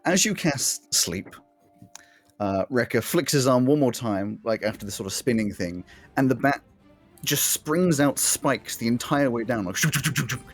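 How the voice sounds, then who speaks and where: A man's voice: mid-range voice, expressive, unhurried, faint music behind. A man narrating a tabletop game as the game master in a laid-back manner. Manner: laid-back, chuckling often.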